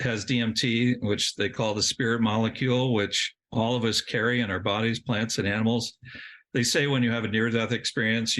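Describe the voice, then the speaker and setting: A man's voice: fairly low pitch, fairly bright tone. A middle-aged man, a podcast guest, telling a long personal story in a rambling way, restarting sentences and laughing at himself. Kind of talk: storytelling in an interview.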